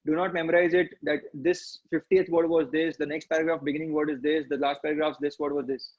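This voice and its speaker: A man's voice: fairly high pitch, little pitch movement, fast, highs cut off. A man, coaching public speaking and answering questions in an earnest, encouraging way, often asking rhetorical questions. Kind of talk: online training session answering questions.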